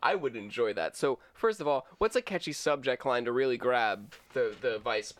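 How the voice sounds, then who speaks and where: A man's voice: mid-range voice, animated, normal speed. A man co-hosting a casual podcast, rambling with stumbling restarts. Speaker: podcast co-host.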